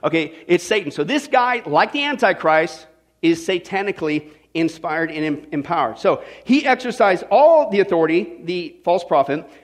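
Male pastor, high voice, chatty joking sermon delivery to a live church crowd. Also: lively intonation, moderate pace. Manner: folksy, joking, keeps checking in with "okay?". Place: church service before a congregation.

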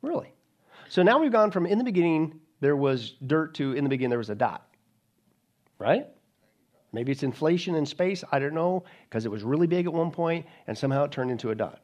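A man's voice: fairly high pitch, lively intonation, a little fast, a little mellow. A man preaching a sermon to an audience, sarcastic and mocking, with many rhetorical questions.

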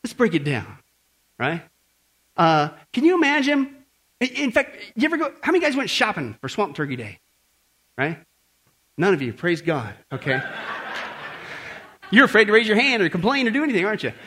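A man preaching to a church congregation in a high, bright voice that swoops up and down. He keeps it conversational and animated, firing rhetorical questions at his listeners. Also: normal speed, pauses often, husky. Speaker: pastor. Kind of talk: sermon. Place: church service before a congregation.

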